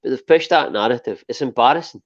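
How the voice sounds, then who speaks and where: Scottish bloke on a fan podcast, measured and sighing, bit muffled lo-fi mic. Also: male voice, medium pitch, lively intonation. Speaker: podcast co-host. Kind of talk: casual football chat.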